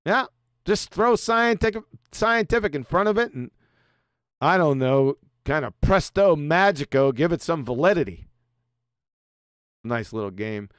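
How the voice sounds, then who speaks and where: A man's voice: on the high side, lively intonation, measured pace, long pauses, clean tone, no room sound, studio quality. A middle-aged man hosting a livestream, lecturing sarcastically and firing off rhetorical questions. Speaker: show host. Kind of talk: lecture-style livestream monologue.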